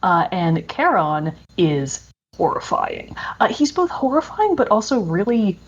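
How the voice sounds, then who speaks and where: A woman's voice: medium pitch, sing-song, a little slow, breathy edge. A woman co-hosting a podcast, chatting enthusiastically about video games with many fillers. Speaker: podcast co-host. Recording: dull lo-fi audio.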